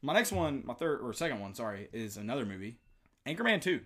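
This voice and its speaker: A man co-hosting a casual chat, talking about movies he likes and often laughing. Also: mid-range voice. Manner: fast, animated, laughs often, quotes movies. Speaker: podcast co-host.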